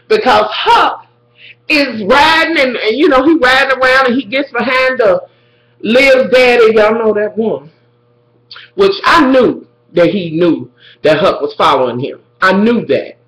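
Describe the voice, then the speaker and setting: Animated woman recapping a show, bright voice. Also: high voice, echoey room, poor audio. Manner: animated, profane, talks straight to viewers. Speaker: vlogger recapping a TV episode. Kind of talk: casual TV episode recap.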